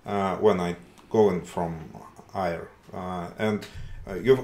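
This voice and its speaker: A Russian man speaking halting, broken English with many hesitations and fillers in a casual podcast chat. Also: sits low, fairly even intonation, darkish tone, echoey room, a little hiss or hum. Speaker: guest. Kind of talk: casual conversation.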